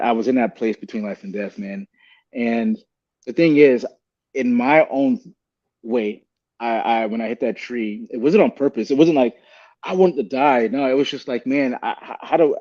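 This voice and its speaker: A man's voice: medium pitch, darkish tone, dull audio. A man speaking as a podcast guest, earnest and rambling, often calling the host "man" and "bro". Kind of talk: candid podcast conversation.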